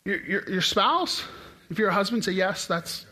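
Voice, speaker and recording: Animated high-voiced man preaching. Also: moderate pace. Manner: animated, conversational preaching with sudden rises in pitch and volume. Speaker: pastor. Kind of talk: casual sermon.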